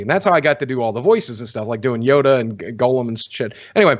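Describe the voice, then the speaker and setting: A man's voice: medium pitch, animated, fast talker, dry recording, dull audio. A man on a podcast panel telling crude, self-mocking stories in casual banter. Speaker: guest panelist.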